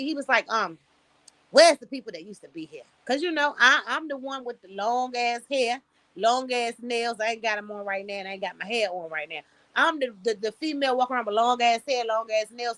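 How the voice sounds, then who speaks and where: Blunt, bright-voiced woman streamer. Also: a little high, brisk, no room sound. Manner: blunt, profane, preachy advice with storytelling. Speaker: livestream host. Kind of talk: casual livestream talk. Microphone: streaming setup, close mic.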